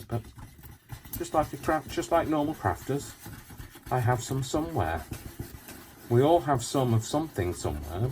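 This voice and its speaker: A man's voice: lowish voice, mellow, slight background noise. A middle-aged man hosting a craft tutorial at home, rambling and joking about himself as he works. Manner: rambling, self-deprecating, jokey. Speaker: craft channel host. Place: home craft space, seated.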